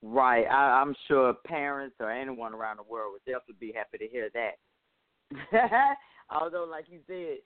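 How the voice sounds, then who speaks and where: A man's voice: medium pitch, expressive, moderate pace, dry recording. A male host in a casual interview, chatty and hesitant, laughing often. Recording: tinny phone line.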